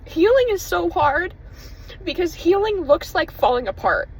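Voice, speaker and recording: A woman's voice: very high voice, sing-song, a little slow, slight background noise, rough recording. A woman talking in a casual confessional vlog, emotional and rambling, swearing freely as she searches for words. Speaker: vlogger.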